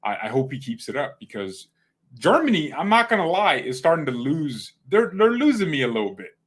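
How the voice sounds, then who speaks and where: A man's voice: a little high, big pitch swings, a little fast. A young man hosting a fan channel, rambling casually and using slang as he reacts to football results. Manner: rambling, slangy, jumps between topics.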